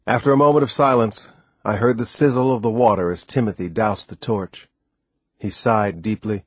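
A man reading a book aloud as narrator, in a measured, plain storytelling manner. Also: on the low side, slightly rough, dry recording. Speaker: audiobook narrator. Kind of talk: scripted narration.

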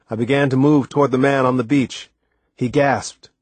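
A man reading an audiobook aloud in a steady, measured way. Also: mid-range voice, no echo. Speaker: audiobook narrator. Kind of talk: scripted narration.

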